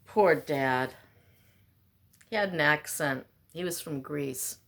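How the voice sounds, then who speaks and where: A woman's voice: low voice, slow, vocal fry, long pauses, fairly bright tone. A woman vlogger delivering a rambling, exasperated, self-mocking monologue.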